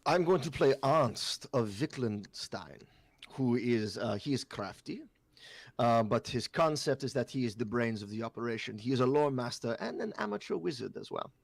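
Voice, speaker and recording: A man's voice: medium pitch, animated, normal speed, creaky, dry recording. Male co-host, rambling casual delivery, dry close sound. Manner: loose, rambling, many fillers and restarts. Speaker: co-host and player. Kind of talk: casual chat about a tabletop game.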